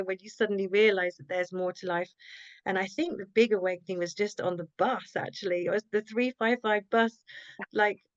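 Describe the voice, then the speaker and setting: A woman tells her personal story as an interview guest, reflective and halting, often voicing her own thoughts aloud. Her voice sits at a middling pitch. The sound is dry and a little dull, like a lo-fi recording. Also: no room sound.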